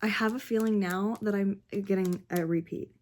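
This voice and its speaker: A woman's voice: mid-range voice, fairly even intonation, normal speed, darkish tone. A young woman vlogging as she unboxes albums, gushing and gasping, swinging between squeals and whispers. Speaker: book and K-pop vlogger. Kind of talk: casual unboxing vlog.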